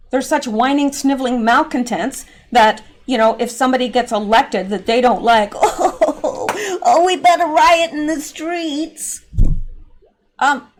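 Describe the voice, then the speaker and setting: A woman hosting an opinionated political commentary vlog, talking in a sarcastic, mocking, exasperated way. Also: a little high. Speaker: political commentary channel host.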